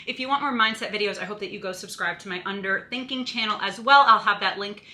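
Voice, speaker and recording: A woman's voice: medium pitch, fast talker, pushed and bright. A young woman vlogging in a casual, chatty way, filling her talk with "like" and "you know", a bit out of breath. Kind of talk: casual vlog chat.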